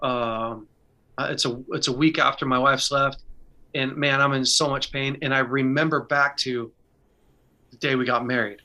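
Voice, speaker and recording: This faith speaker talks at normal speed in a medium-pitched voice that's pushed and bright, with fairly even intonation. His teaching is casual and conversational, woven with his own story, and he comes across as earnest and candid, breaking off and restarting in short bursts.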